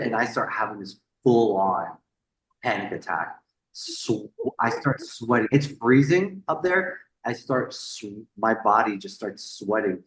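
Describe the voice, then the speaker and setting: A man on a podcast, telling a story in a casual, animated way. He swears freely, repeats words and acts out the people he quotes. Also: lowish voice, unhurried, reverberant, low-quality recording. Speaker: podcast guest.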